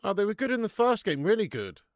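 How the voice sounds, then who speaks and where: A young man hosting a live football watch-along, chatting casually, swearing freely and answering viewers' comments out loud. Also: sits high, fast, dry recording, studio quality. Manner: excitable, swears, reads chat comments aloud. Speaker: live-stream host.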